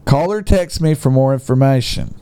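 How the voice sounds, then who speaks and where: A man giving comedic commentary with mocking, sarcastic quick asides. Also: medium pitch, dark tone, clean tone. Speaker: host.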